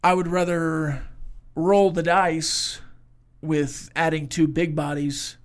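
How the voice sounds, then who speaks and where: A man's voice: on the high side, level tone, slow, clean tone. A man with a West Texas accent co-hosting a sports talk show, chatting casually and drawing out his phrases. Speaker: sports radio co-host.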